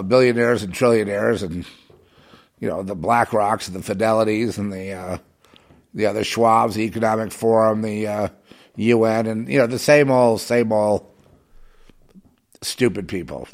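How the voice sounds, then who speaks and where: A man delivering a heated, rambling monologue as a self-styled prophetic broadcaster, swinging between loud outbursts and muttered asides. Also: fairly low pitch. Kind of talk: agitated monologue.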